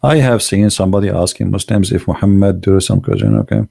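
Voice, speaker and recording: A man delivers a blunt online monologue. His voice is gravelly and dark, with a mellow tone. He speaks in broken, English and presses his points with rhetorical questions. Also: low-pitched, lively intonation, quick pace. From Arab world. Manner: broken, non-native grammar. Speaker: online show host. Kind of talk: opinionated livestream monologue.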